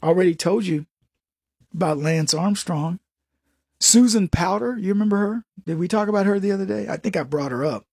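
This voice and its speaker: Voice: medium pitch, normal speed, vocal fry, a little mellow, husky, no room sound, studio quality. A commentator giving a sarcastic opinion monologue, mocking people and acting out quotes.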